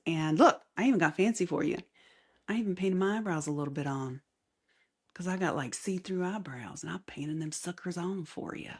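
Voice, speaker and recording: Husky low-voiced woman with a Southern lilt. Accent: light Southern US. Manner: chatty, rambling, laughs often, drops to soft asides. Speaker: podcast host. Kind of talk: casual solo podcast talk. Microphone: camera mic facing the speaker.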